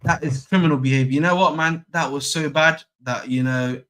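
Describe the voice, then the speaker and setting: A man's voice: a little high, brisk, fairly bright tone. A young man hosting a football fan stream, chatting casually, repeating himself and using slang. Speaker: football channel host. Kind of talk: casual live-stream chat.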